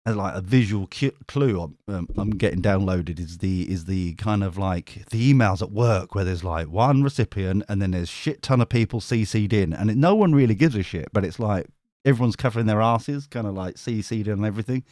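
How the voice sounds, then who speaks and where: A man's voice: lowish voice, fairly quick, darkish tone, dry recording, studio quality. A man with a British accent, giving a chatty live tarot reading. He rambles, gets sidetracked and swears casually. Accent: British English. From Britain. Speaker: tarot reader.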